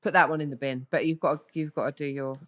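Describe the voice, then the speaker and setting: Very deep-voiced woman host. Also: steady tone, fast. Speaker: podcast host. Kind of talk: casual podcast chat.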